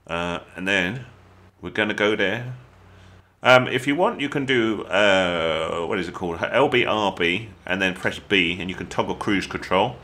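Bright, lively English gaming tutor. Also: male voice, fairly low pitch, normal speed. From England. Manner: chatty, excitable, jokey asides. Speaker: gaming YouTuber. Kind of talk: casual gameplay tutorial voice-over.

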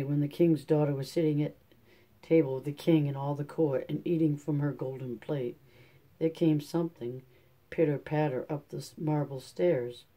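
A man reading a fairy tale aloud at a steady, measured pace. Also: on the high side. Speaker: storyteller.

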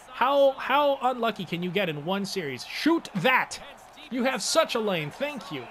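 Young male gaming host, bright and sharp tone, slightly high voice, excitable, swears at the game. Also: fairly quick. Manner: excitable, swings between frustrated outbursts and muttered asides, swears often. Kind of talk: live gameplay commentary.

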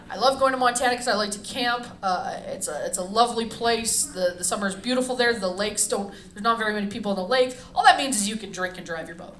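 A woman's voice: medium pitch, a little fast, fairly bright tone. A woman from Calgary doing brash stand-up comedy on a club stage, swearing freely and laughing at her own jokes. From Calgary, Canada. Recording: roomy club sound, distant mic, noisy.

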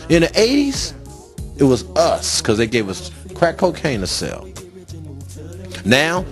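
A man in a street interview, ranting in an agitated, profane, repetitive way. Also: medium pitch. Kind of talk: impassioned street rant.

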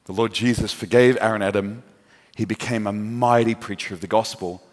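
A man's voice: lowish voice, fairly even intonation, a little fast. A man preaching a sermon, telling a story dramatically and acting out the people in it. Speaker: pastor. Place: large church hall. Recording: long hall reverb.

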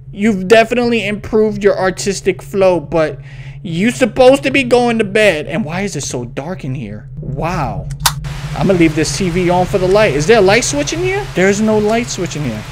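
A man's voice: sits high, a little hiss or hum. A young man doing horror game commentary, jumpy, swearing and scolding an unseen baby like a parent. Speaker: gaming YouTuber.

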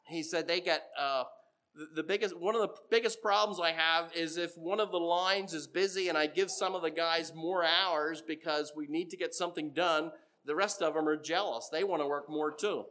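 A middle-aged man preaching a sermon in a church, telling stories and getting animated when he quotes other people. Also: a little high.

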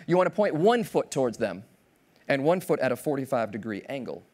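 Animated man giving a comic keynote. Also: medium pitch, fairly quick. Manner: playful, acts out voices of others. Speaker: keynote speaker. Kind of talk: comedic keynote talk. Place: large conference hall stage.

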